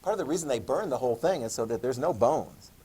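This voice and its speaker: A man giving a classroom history lecture, animated and playful, acting out quotes in a classroom. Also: medium pitch, fast, breathy edge. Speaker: history teacher.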